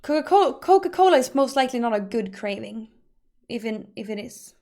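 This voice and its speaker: A woman streamer chatting casually and rambling to her viewers, now and then breaking into loud laughing rants. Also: fairly high pitch, expressive, a little fast.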